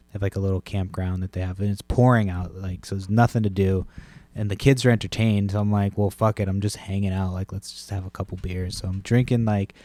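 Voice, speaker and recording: Podcast host with a chest cold, a low-pitched man in his thirties telling a rambling, cursing story, dry close mic. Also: a little mellow, no echo. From Massachusetts, USA. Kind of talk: casual rambling monologue.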